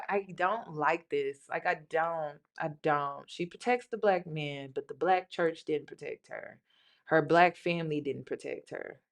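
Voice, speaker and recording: A woman's voice: deep voice, creaky. A young woman hosting a reaction video, stopping the clip to react with indignation. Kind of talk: commentary on a clip.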